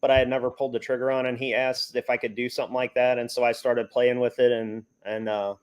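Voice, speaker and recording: A man talking casually as a guest on a video-call livestream, easygoing and hesitant with many pauses. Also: medium pitch, flat delivery, clear, resonant tone, dull audio. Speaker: haunt prop builder guest.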